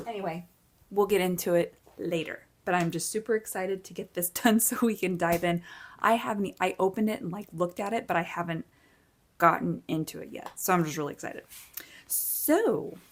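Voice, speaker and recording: A woman in her forties chatting casually and upbeat while she counts cash into budget envelopes, tired from little sleep. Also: fairly low pitch. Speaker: budgeting vlogger.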